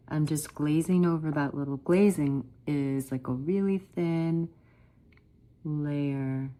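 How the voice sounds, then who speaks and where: A middle-aged woman chatting warmly through a step-by-step watercolor painting lesson, often calling her viewers "guys". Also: low-pitched. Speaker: watercolor art teacher.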